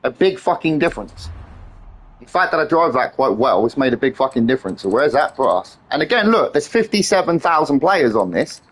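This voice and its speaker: A man chatting excitedly on a live game stream, swearing freely and trading teasing banter with his friends. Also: medium pitch, a little fast. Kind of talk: live-stream gameplay chat.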